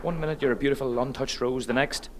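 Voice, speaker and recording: A wry rural man, played by an actor, teases a wide-eyed visitor in a film scene. His delivery is dry and deadpan, and the lines run fast and clipped. Faint background hiss sits under the dialogue. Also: mid-range voice, natural voice. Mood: deadpan teasing.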